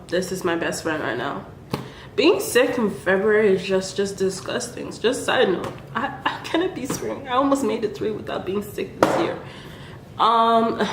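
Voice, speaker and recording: A woman's voice: medium pitch, roomy sound, slight background noise. A woman whose first language is Dutch, chatting casually with lots of ums and laughs, with a stuffy nose. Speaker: vlogger. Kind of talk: casual chat and poem reading.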